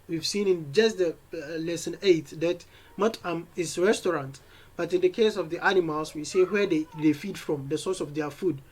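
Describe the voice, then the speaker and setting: A man's voice: on the high side, poor audio. A man teaching an Arabic lesson, reading lines of a poem and explaining each word in English, with frequent restarts. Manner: reads verse slowly, then explains in English with restarts.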